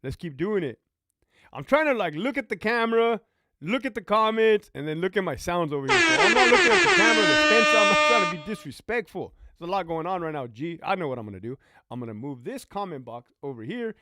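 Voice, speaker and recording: A man's voice: sits high, big pitch swings, brisk, sharp tone, dry recording, studio quality. A man hosting a casual livestream, talking profanely and reading out viewer comments. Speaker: livestream host, former prison officer.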